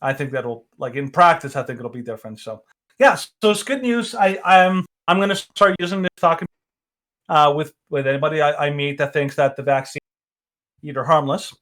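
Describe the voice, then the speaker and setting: A man's voice: fairly high pitch, brisk, fairly bright tone. A man co-hosting a casual podcast, rambling with restarts and frequent laughs. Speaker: podcast co-host.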